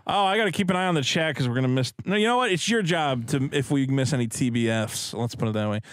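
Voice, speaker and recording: A man co-hosting a casual podcast, reading viewer donations with jokey, animated delivery. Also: fast talker, dry recording, clean studio sound. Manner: animated, jokey, swings between high and low pitch. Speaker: podcast co-host.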